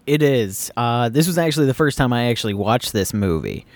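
A man's voice: mid-range voice, lively intonation, a little fast, no echo. Easygoing man, dry close sound. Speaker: podcast co-host. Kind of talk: casual chat.

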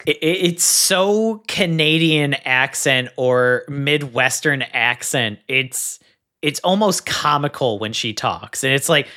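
A man discussing a film in a casual podcast chat, animated and quick to pile on his points. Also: medium pitch. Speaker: film reviewer.

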